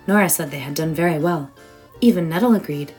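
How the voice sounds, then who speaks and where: A woman reading a children's storybook aloud in an expressive, warm way. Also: low voice, fairly quick, rough recording. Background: soft music.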